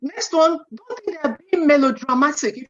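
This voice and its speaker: Woman in her forties, a seminar speaker on parenting, lively and chatty, acts out quotes, high voice. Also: moderate pace. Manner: animated, acts out parent and child quotes, frequent "you know". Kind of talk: parenting talk. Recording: dull lo-fi sound.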